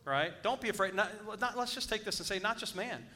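A man's voice: sits high, animated, fairly quick, pushed and bright. A man preaching a sermon, emphatic and often checking in with his congregation. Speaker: pastor.

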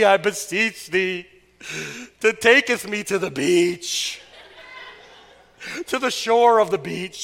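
A man's voice: high voice, fairly bright tone, pitched above the performer's own voice, heavily acted. A man voicing a whiny little child who pleads with their dad over and over, in a long church reverb. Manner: pleading, repetitive, mock-formal begging.

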